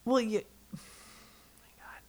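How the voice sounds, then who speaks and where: A woman co-hosting a podcast, recapping a show in casual chat with a giggly, rambling way of telling stories. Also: a little slow. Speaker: podcast co-host.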